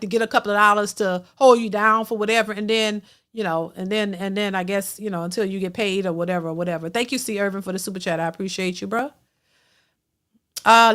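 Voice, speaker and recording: A woman hosting a reaction stream, reading out super chats and commenting casually, with frequent fillers and repeated words. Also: fairly bright tone. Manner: repeats words, many fillers, rises high when emphatic. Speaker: reaction channel host.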